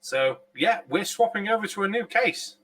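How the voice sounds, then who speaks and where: A man's voice: high voice, expressive, moderate pace, a bit bright, far from the mic. A man hosting a casual live stream, chatty and jokey, swearing freely, a few pints in. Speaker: streamer host.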